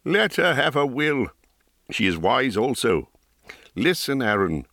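A man voicing a calm, dryly humorous older male wizard in a dry, close audiobook recording. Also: medium pitch, a little slow, creaky, no echo, heavily acted. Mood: wry, calm.

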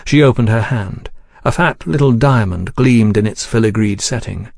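A man reading a novel aloud in measured, even narration. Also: lowish voice, creaky, dry recording, studio quality. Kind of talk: scripted audiobook narration.

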